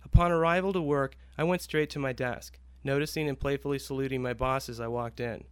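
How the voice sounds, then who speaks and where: A man's voice: mid-range voice, fairly even intonation, brisk, clear, resonant tone, dry recording. A man narrating a short story about a workplace friend in an easygoing tone.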